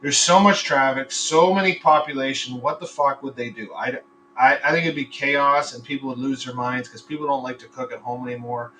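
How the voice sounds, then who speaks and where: A man's voice: mid-range voice, fairly even intonation, brisk, bright, forceful tone, recorded from a distance, slight background noise, poor audio. A man hosting a casual live podcast, rambling between topics, swearing freely and telling crude jokes. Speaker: podcast host. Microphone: computer microphone.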